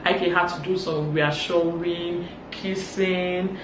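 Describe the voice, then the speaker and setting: A woman with a Nigerian accent giving a casual gossip recap, animated and acting out quotes. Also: slow pace. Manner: animated, acts out quotes in higher voices. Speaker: vlogger. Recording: roomy, distant mic, faint hum.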